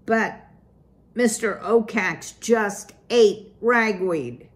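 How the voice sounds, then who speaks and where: A woman voicing an earnest young female mouse who stammers and talks haltingly. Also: mid-range voice. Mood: upset.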